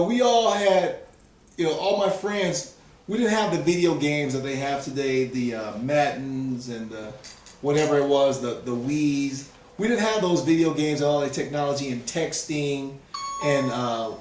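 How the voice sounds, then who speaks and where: A man's voice: a little high, darkish tone, slight background noise. A man from Southern California, a pigeon fancier, talking earnestly and emphatically in a casual interview. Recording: echoey and distant from the mic.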